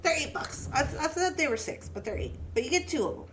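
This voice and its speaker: A woman's voice: sits high, big pitch swings, fast talker, fairly bright tone, slight background noise. A young woman hosting a casual livestream, chatting to viewers and talking to herself as she makes jewelry. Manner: chatty, talks to herself while working, greets viewers by name. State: pregnant. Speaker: livestream jewelry-making host. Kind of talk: casual livestream chat while beading.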